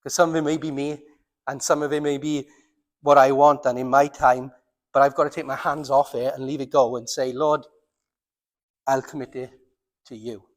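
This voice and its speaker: A man with a Welsh accent preaching a sermon as pastor, earnest, slowing down and dropping his voice for emphasis. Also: medium pitch, little pitch movement, long reverb tail. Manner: earnest, slows down and drops to near silence for emphasis. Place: church.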